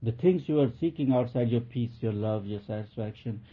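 Husky-voiced man on a thin, lo-fi recording. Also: mid-range voice. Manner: gentle, halting storytelling with many restarts. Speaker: spiritual teacher. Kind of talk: spiritual talk.

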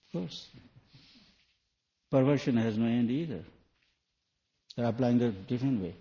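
Mellow-voiced man preaching, lo-fi. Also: mid-range voice, a little slow. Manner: questioning, earnest, with shifts between soft and loud. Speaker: spiritual teacher. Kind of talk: sermon. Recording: dull lo-fi recording.

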